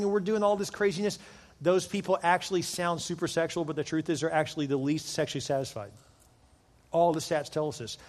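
A middle-aged man preaching a sermon to a large church congregation, casual and joking in tone. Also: a little high. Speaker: pastor. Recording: long hall reverb.

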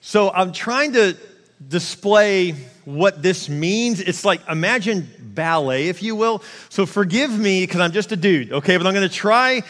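This pastor's voice sits high and sounds expressive and fairly bright, moving at an unhurried pace. His sermon is loose and chatty, full of restarts and acted-out quotes tossed in as asides, captured with long reverb in a big church hall.

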